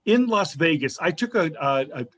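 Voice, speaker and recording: A man telling funny stories as a guest on a casual online talk show, lively and quick to act out the people he quotes. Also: fairly high pitch. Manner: animated, jumps into voices for quoted people. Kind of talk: casual comedic storytelling. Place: home video show, remote call.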